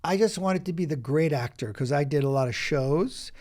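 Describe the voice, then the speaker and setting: A man, an acting coach, speaking as a podcast guest and telling stories in an emphatic, animated way, with quick bursts and restarts. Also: a little high. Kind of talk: animated interview storytelling.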